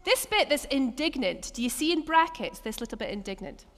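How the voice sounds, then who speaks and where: A woman preacher leading an interactive church teaching session, telling Bible stories with animated asides and acted-out lines. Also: high-pitched, fairly quick. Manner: lively, animated storytelling with acted quotes and laughs. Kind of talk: interactive sermon with table activities. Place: church hall. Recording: long church hall reverb.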